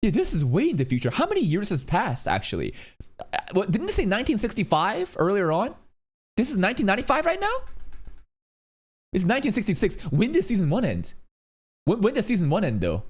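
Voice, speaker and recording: A man streaming casual reaction commentary on an anime film, swearing freely, with sudden loud outbursts. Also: sits high, wildly swooping pitch, brisk, slightly rough.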